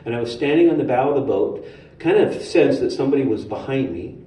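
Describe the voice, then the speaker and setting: Lively storytelling man in an echoey hall. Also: mid-range voice, fairly quick. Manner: animated, humorous storytelling. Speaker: speaker at a spiritual center. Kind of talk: storytelling sermon. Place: hall of a spiritual center. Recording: roomy hall, distant mic, faint noise.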